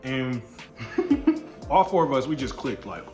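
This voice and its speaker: A man's voice: medium pitch, huge pitch swings, slow. A young man vlogging a casual storytime while eating, talking loosely with slang, swearing and playful asides. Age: young adult. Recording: echoey room with music behind.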